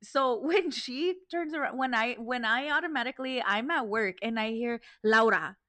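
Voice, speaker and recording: A woman in her thirties chats as a guest on a casual podcast and laughs between her words. Her voice is fairly high, and the recording is dry and close to the mic. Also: moderate pace, bright, forceful tone, no echo. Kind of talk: casual chat.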